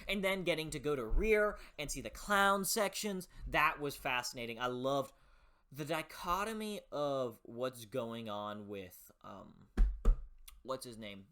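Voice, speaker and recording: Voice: medium pitch, animated, measured pace, bright, forceful tone. A book reviewer talking in a casual, passionate way, swearing freely and often restarting sentences while thinking aloud.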